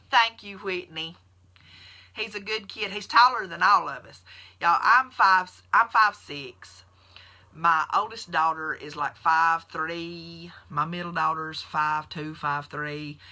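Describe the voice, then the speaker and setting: Chatty woman with a sharp tone. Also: low-pitched. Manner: folksy storyteller, addresses viewers directly. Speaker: nurse hosting a keto support group. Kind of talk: chatty live video talk to followers.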